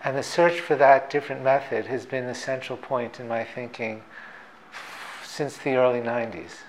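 A man, a theoretical physicist, explaining ideas in a thoughtful, measured, professorial way. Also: mid-range voice, steady tone, slight background noise, poor audio. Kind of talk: reflective explanatory talk.

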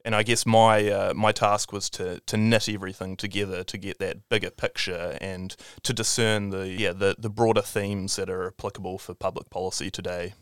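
A man's voice: sits low, little pitch movement, moderate pace, hardly any pauses, a bit bright, smooth, no echo, clean studio sound. A man, a historian guest on a podcast, talking thoughtfully and often restarting his sentences. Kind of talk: conversational interview.

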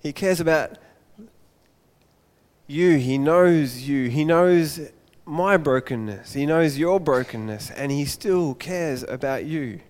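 A man preaching a Father's Day sermon, an animated storyteller who acts out the voices of his characters. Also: a little high, slow pace, long reverb tail.

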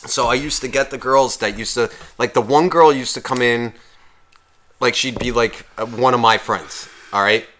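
A former bartender co-hosting a podcast tells profane bar stories in casual chat. His voice sits in the mid range at a normal speed, and his animated storytelling includes mocking impressions of people in put-on voices.

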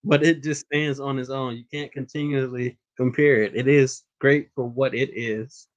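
Brief: easygoing male co-host, mid-pitched, chuckles a lot. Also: fairly even intonation, moderate pace, lo-fi sound. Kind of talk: casual chat.

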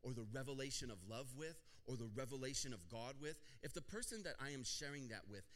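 A man preaching to his congregation, mid-pitched and easygoing as he tells a story. He slips into the voices of the people in it and talks it through casually. Then he climbs to loud, pressing points. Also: lively intonation, quick pace. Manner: conversational, acts out dialogue, builds to loud emphatic peaks. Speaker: pastor. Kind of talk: sermon with storytelling.

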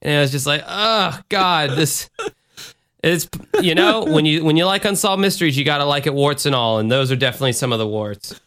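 Bright-voiced, animated podcast man. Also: quick pace, clean tone. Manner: animated, mimics voices with big jumps in pitch. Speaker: podcast co-host. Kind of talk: casual podcast chat.

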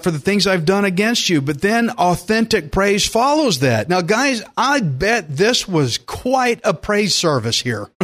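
Animated higher-voiced male preacher. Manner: animated preaching with sudden loud emphatic bursts; acts out imagined prayers and objections in quoted voices. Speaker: pastor. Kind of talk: sermon.

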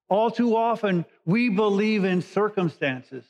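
A man's voice: sits high, animated, slow, a little mellow. Man preaching in a conversational sermon. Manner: conversational Bible teaching, paraphrasing scripture. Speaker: pastor. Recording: dull lo-fi recording.

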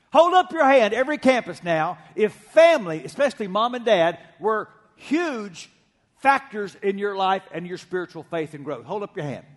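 A middle-aged pastor delivers a sermon in a higher-than-usual male voice. He talks in an easy, conversational way and slips humor into his stories. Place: church sanctuary.

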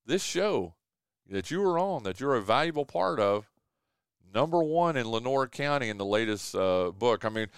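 A man hosting a local sports radio show, excitable and quick to laugh, calling everyone "dude". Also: medium pitch, clear, resonant tone, no room sound, studio quality. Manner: excitable, laughs often, says "dude" a lot. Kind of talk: casual sports radio chat. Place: radio studio. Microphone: studio microphone.

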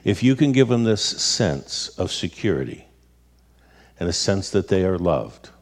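A middle-aged man speaking on relationships in a relaxed conversational talk, telling family stories and acting out the people he quotes. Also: deep voice, a little slow. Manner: storytelling, animated quoted voices.

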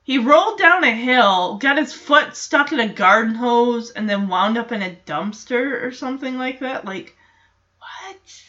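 A woman's voice: fairly high pitch, animated, moderate pace, few pauses, sharp tone, highs cut off. A woman giving a casual, chatty reaction commentary on a TV episode, exasperated and prone to personal tangents. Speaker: show recap host.

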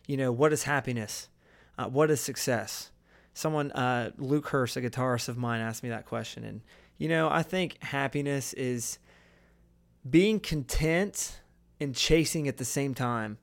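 A young man talks casually on a podcast, his voice sitting at an ordinary middle pitch. He rambles earnestly, circling back and restarting his sentences as he thinks aloud. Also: measured pace. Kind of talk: casual chat.

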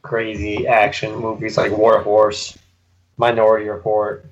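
A man's voice: fairly low pitch, monotone, measured pace, muffled recording. A man co-hosting a podcast, rambling through grand setups in casual banter. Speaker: podcast co-host.

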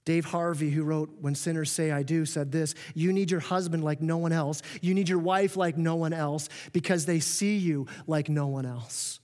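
A man preaching a sermon as pastor, earnest and animated, often restarting his sentences and acting out quoted remarks. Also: a little high, normal speed, hardly any pauses. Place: church auditorium. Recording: long reverb of a church hall.

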